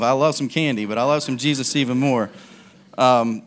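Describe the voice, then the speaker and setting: A man's voice: mid-range voice, moderate pace. A man preaching a casual, conversational sermon, telling stories with lots of fillers and restarts.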